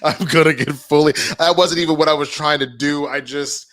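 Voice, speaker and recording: A man's voice: a little high, brisk. A man co-hosting a comedy podcast, telling profane stories with lots of laughter. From USA. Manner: animated, laughing, profane storytelling. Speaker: podcast co-host. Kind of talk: casual comedic chat.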